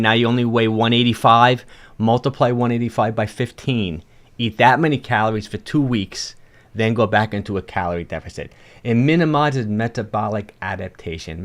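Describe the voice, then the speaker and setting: A man with a fairly low voice and a strong New York accent, coaching viewers on a fitness livestream. He talks casually and encouragingly, often stopping and restarting his sentences as he answers chat.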